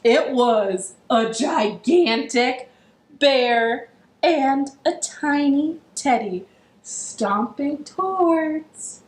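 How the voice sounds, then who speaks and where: A woman hosting a children's storytime, reading a story aloud and cheering the kids on in an animated, encouraging way. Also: sits high, very slow. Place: living room. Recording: echoey living room.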